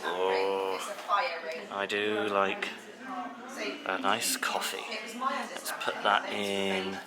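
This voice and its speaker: A man's voice: lowish voice, sing-song, very slow, a loud crowd. A man vlogging over afternoon tea in a hotel dining room, chatting and rambling enthusiastically about the food. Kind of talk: casual chat reviewing food.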